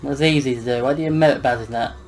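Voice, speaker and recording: A man's voice: mid-range voice, steady tone, fast talker, soft background music, low-quality recording. A young man giving casual, joking let's-play commentary, muttering and swearing at the game. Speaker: gameplay commentator.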